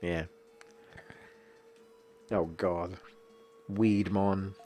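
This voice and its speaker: A man's voice: deep voice, fairly even intonation, extremely slow, warm tone, faint music behind. A young man streaming a video game, ranting casually with lots of swearing and exasperated jokes. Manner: profane, exasperated, jokey rants. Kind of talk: casual gaming stream commentary.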